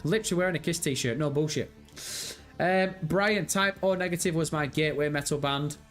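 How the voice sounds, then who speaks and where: A man in his twenties from England, speaking in Birmingham English, chats casually on his live stream while going through viewer comments. His voice is a little high, a little fast and fairly bright, and he rambles and swears freely.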